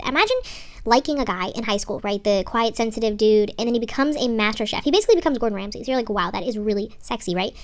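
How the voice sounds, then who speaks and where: Young norcal girl ranting about a show, fast and slangy, kinda high voice. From San Francisco Bay Area. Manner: chatty, slangy, rambling asides, swears. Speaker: TV show reviewer. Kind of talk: casual recap vlog.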